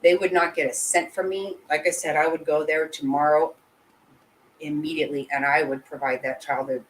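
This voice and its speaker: A woman with a low voice gives live commentary to her chat. She talks bluntly and emotionally, swears freely and keeps breaking off and restarting her sentences. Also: fairly even intonation, normal speed, a little hiss or hum, poor audio. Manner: blunt and heated, with frequent swearing. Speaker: channel host.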